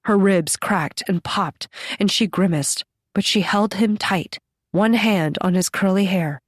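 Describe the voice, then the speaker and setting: A woman reading a horror novel aloud in steady, measured scripted narration on a close microphone. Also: medium pitch, no room sound. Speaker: audiobook narrator.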